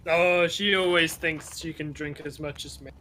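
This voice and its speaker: A boastful, hard-drinking orc woman, put on by a male game master in a live tabletop game. She speaks with bright, cutting tones and a teasing swagger. Faint room noise sits behind her. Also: fairly high pitch, fairly even intonation, normal speed, poor audio.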